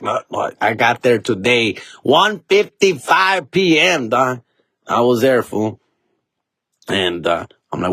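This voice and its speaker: A man's voice: medium pitch, very animated, slow, bright, forceful tone, dry recording, studio quality. A man, a comedian and podcast host telling stories in a casual, profane, slang-heavy way, dropping Spanish words and ending lines with "dog" and "fool". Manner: drops Spanish words and phrases.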